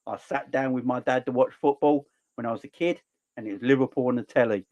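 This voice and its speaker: A man in his forties with a South East London accent, hosting a football livestream and ranting passionately between relaxed chat with viewers. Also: medium pitch, fast talker, dull audio. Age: 40s. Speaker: football channel livestream host.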